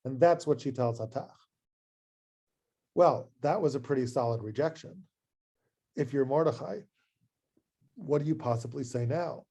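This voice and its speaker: Animated rabbi teaching a class. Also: male voice, medium pitch, moderate pace, long pauses, slightly rough. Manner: animated, conversational, acts out scenes. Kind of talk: adult education lecture.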